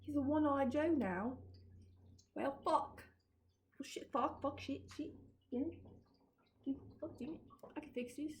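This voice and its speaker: A woman's voice: sits high, takes it slowly, pauses often, darkish tone. A young woman vlogging outdoors in her backyard, rambling and giggling and often sidetracked, recorded on a phone. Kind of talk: casual chat.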